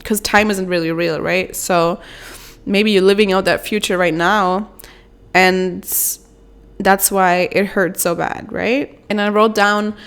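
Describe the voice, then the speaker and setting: Soft-spoken young woman vlogging. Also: medium pitch, fairly even intonation, takes it slowly, smooth. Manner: soft, rambling and confessional, with many fillers. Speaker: vlogger, mother. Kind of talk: personal self-help vlog.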